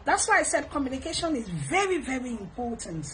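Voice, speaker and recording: A middle-aged woman with a Nigerian accent, hosting a casual advice talk. She reads viewer comments in an animated, preachy way, blessing her viewers. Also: high-pitched, a little fast, rough recording. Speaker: host.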